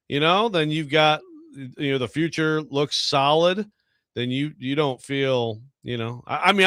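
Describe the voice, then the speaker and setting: A man co-hosting sports radio with a bright, forceful tone. He talks in halting phrases padded with "you know." The recording is close and dry. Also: mid-range voice, no room sound. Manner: hesitant, full of "you know" fillers. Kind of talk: casual sports talk.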